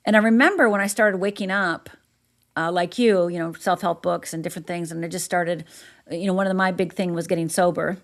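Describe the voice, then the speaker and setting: A woman with a fairly low voice speaks as a guest on a podcast. She is a life coach and tells her stories with animation, acting out the voices of the people in them. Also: a little fast. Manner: animated storyteller, acts out voices. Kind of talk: casual interview chat.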